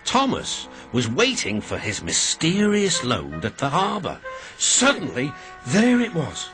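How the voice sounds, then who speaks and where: A British man reads a children's storybook aloud, his voice swooping high and low with great expression. Music plays softly behind him throughout. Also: unhurried. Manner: very animated and expressive. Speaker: narrator. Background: background music.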